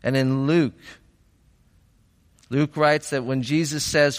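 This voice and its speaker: A male pastor with a fairly high, slightly bright voice preaches slowly, pausing between phrases. He starts out reflective and builds to fervent emphasis. A long reverb trails his words, as in a large hall.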